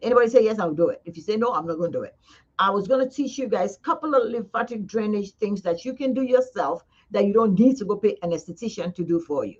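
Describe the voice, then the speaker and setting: A woman's voice: medium pitch, animated, quick pace, a little mellow, husky. Chatty esthetician lady doing a live face massage demo, talks right to the viewers, kinda dull lo-fi sound. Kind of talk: casual live demonstration. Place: skincare studio.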